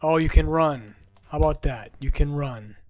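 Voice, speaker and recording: A brash young man trash-talking his way through a game stream, swearing freely and ribbing his friends. His voice sits a little higher than most men's. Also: moderate pace, a little mellow, no room sound. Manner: brash, profane, mocking. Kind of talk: live game-stream commentary.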